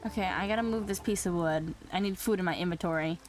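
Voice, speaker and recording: Talking fast over faint background music, a young woman hosts a Minecraft let's play in a casual, chatty way. The game's mobs fluster her, so she shifts between exclaiming at them and muttering under her breath.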